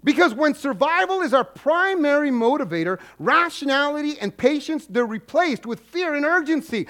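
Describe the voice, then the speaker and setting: Hardly pausing, a male pastor preaches briskly and expressively in an extremely high, fairly bright voice. He restates his points for emphasis and acts out the voices of those he counsels in quoted asides.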